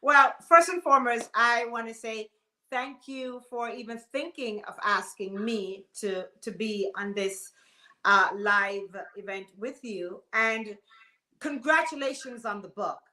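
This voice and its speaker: Bright-voiced Jamaican woman, animated guest. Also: fairly high pitch, unhurried, roomy sound, poor audio. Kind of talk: casual interview talk.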